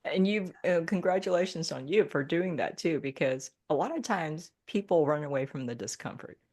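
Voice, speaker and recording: A woman's voice: deep voice, animated, moderate pace, a little mellow, slightly rough. A woman guest on a podcast, talking casually and reflectively about healing and Reiki, often acting out her own thoughts and laughing.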